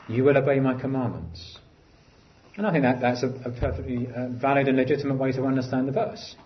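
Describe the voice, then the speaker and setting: A man delivers a sermon in an earnest voice of middle pitch. He lifts his voice for emphasis, then sinks to quiet, low phrases. The recording is a touch dull and muffled. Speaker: preacher.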